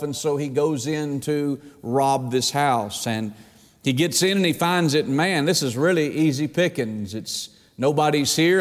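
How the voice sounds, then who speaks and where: A man delivers a sermon, slowing down to read scripture and slipping into homey anecdotes. His voice sits a bit high for a man, and the sound rings with the long reverb of a big hall. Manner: reads scripture slowly, tells folksy anecdotes. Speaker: pastor.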